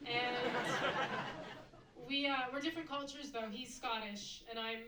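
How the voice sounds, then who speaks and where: An American woman on a club stage delivers a stand-up set in a somewhat high voice. She is wry and playful, slipping into little impressions of the people in her stories. The sound is roomy and a little distant, with a loud audience laughing behind her. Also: fairly even intonation, a loud crowd, heavy background noise. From United States. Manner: wry, quick punchlines, playful mimicry of others. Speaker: stand-up comedian. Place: comedy club stage before a live audience.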